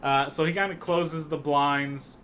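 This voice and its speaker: A man co-hosts a casual podcast, talking through a film in a loose, rambling way full of fillers and restarts. His voice is bright and forward. Faint background noise sits under the talk. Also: fairly high pitch, fairly even intonation, unhurried. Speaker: podcast co-host. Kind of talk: casual film recap chat.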